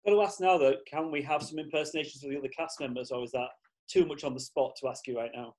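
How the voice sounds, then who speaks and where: A man hosting an online interview, brisk and friendly as he passes along questions. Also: fairly high pitch, a little mellow. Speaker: interview host.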